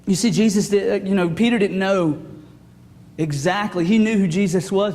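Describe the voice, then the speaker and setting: A man, a student pastor preaching a sermon in a folksy, animated storytelling way. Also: high-pitched, normal speed. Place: church sanctuary. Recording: long reverb of a church sanctuary.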